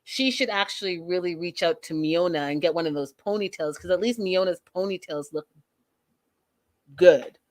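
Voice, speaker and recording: A woman's voice: on the low side, moderate pace, darkish tone. A woman hosting a casual recap show, blunt, sassy and profane. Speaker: host.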